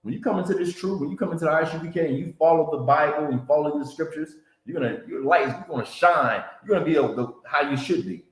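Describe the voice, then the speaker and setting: A man's voice: fairly high pitch, fast, few pauses. A man teaching a Bible class in a preaching style, repeating himself and checking in with "you understand?" and "man.". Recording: roomy echo.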